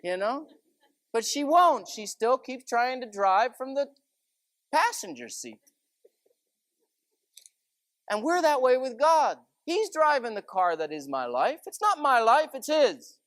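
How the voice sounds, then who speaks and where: A man's voice: very high-pitched, big pitch swings, slow, pauses often, fairly bright tone, no echo. A man giving a chatty, conversational sermon full of stories and asides. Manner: folksy, chatty, many asides of "you know". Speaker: preacher.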